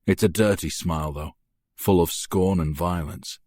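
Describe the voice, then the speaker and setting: A man's voice: low voice, normal speed, a little mellow, dry recording. A man narrating a gritty first-person crime novel in an intense, dramatic manner, close on the mic. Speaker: audiobook narrator.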